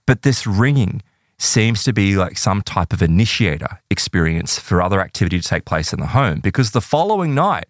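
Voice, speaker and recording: A man telling an eerie true story in a casual podcast chat, animated and full of "right?" and "like". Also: fairly low pitch, a little fast, no room sound, clean studio sound.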